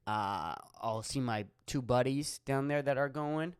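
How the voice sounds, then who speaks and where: Speaking in a mid-range voice that is smooth yet sharp, a young man from Erie, Pennsylvania drifts through an unhurried solo podcast monologue. He's a stand-up comic running his own show, heavy on curse words and fillers. It's a dry, studio-quality recording.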